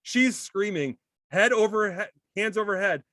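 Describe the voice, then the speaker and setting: A man's voice: high voice, measured pace, dry recording, clean studio sound. A man telling a funny story in a casual chat, acting out voices with self-deprecating humor. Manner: animated, acts out voices in his story.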